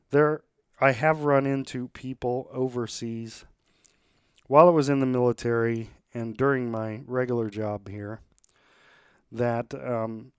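A man's voice: mid-range voice, smooth, no echo, studio quality. A man hosting a podcast, reading sponsor spots and chatting in an upbeat, rallying way. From United States. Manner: upbeat, rallying, plainspoken with fillers. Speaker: podcast host. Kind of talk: sponsor reads and casual interview.

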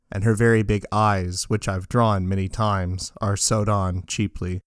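A man reading dark fiction aloud in a flat, deadpan first-person narration. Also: lowish voice, smooth, no room sound, clean studio sound. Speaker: story narrator.

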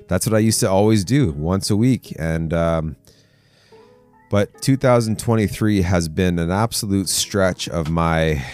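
Deep-voiced man with morning husk. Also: a little mellow. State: husky early-morning voice. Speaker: podcast host. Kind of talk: casual chat.

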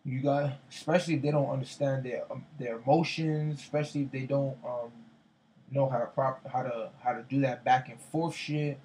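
A man's voice: mid-range voice, normal speed, a little hiss or hum, poor audio. Slangy man telling a story casually. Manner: animated retelling, heavy slang and profanity, repeats itself. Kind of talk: casual chat.

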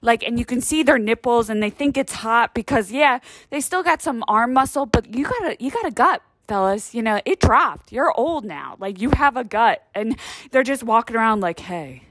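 A woman's voice: fairly high pitch, animated, normal speed, a bit bright, no room sound. A woman hosting her own vlog in a casual, rambling monologue, swearing freely and saying "like" constantly. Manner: rambling, profane, heavy use of "like". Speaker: vlog host.

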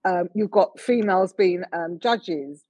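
A middle-aged woman speaks as an interview guest. Her voice is husky, and the sound is dry and close. She talks earnestly and evenly, pausing on small fillers. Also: lowish voice, mellow, no room sound, low-quality recording. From United Kingdom. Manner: earnest, measured, with frequent fillers. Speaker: guest, motorsport official. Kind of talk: conversational interview.

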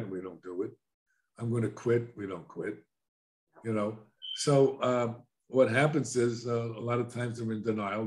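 A man's voice: lowish voice, darkish tone. An older man talks plainly as an interview guest. He recounts events in a casual way, voicing the lines of the people involved. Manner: plainspoken, recounts with quoted dialogue. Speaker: guest, addiction counselor.

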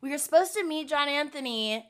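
A woman's voice: high-pitched, lively intonation, fairly quick, a bit bright. A young woman co-hosting a podcast, chatting casually, laughing often and saying "like" a lot. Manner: giggly, chatty, full of "like". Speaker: podcast co-host. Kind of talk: casual chat.

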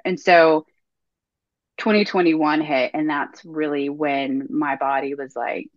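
A woman in her thirties telling her story as a podcast guest, animated, acting out her own past self-talk in quoted lines. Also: deep voice, slow, no echo, highs cut off. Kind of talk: candid storytelling interview.

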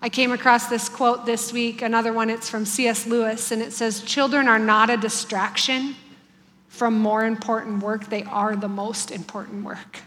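A woman's voice: a little high, flat delivery, normal speed, a bit bright, a little hiss or hum. A woman in her thirties giving an earnest, heartfelt devotional talk to a congregation about family life. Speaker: church speaker on family life. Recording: long hall reverb.

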